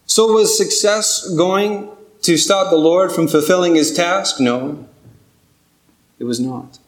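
High-voiced male preacher in an echoey room. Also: slow pace. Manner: earnest, rising to pleading intensity. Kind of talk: sermon.

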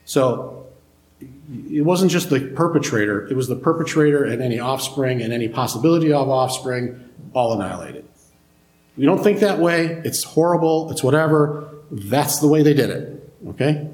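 A pastor preaching a conversational sermon to a congregation and asking them questions. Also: male voice, medium pitch, expressive, normal speed, darkish tone, reverberant.

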